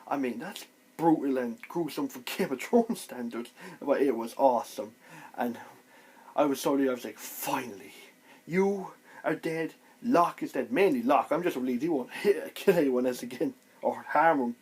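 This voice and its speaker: A man giving a casual, excitable video review, retelling scenes with lively exclamations. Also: medium pitch, moderate pace, husky. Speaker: TV show reviewer.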